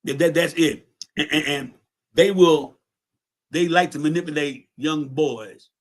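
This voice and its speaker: A man's voice: a little high, measured pace. Profane streetwise man telling a story. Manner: streetwise, profane, repeats words. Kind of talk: casual storytelling.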